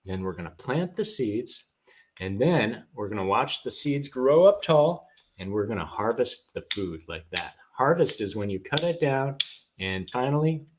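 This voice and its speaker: A man's voice: mid-range voice, big pitch swings, unhurried, a little hiss or hum. A man teaching a live online music class for small children, cheerfully talking and singing along in a playful way. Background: guitar strumming.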